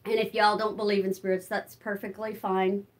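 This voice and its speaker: In a medium-pitched, level voice at a moderate pace, an older woman live streams from her home as she does chores. Winded from walking between rooms, she chats casually, reads and answers viewer comments, and speaks warmly to her cats.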